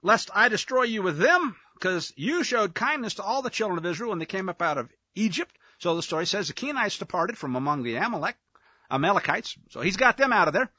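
A man teaching scripture in a chatty, wry way, breaking into the voices of the people in the story. His voice is high, bright and very animated. The recording is dry and a bit dull. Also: fairly quick, slightly rough, no room sound. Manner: wry, chatty, acts out the dialogue. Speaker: Bible teacher. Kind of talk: casual scripture teaching with commentary.

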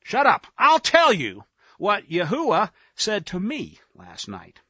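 A sarcastic, scolding old prophet, voiced by a man teaching, swinging his voice up and down as he rebukes a king. The tone stays bright and sharp, and the sound is dry and lo-fi. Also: high voice, huge pitch swings, slow pace, husky, no room sound, exaggerated voice. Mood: stern.

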